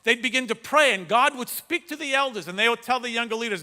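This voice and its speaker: A middle-aged man preaching a sermon, telling a story with dramatic swings from loud to hushed. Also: extremely high pitch, quick pace. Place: large church hall. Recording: echoey church hall.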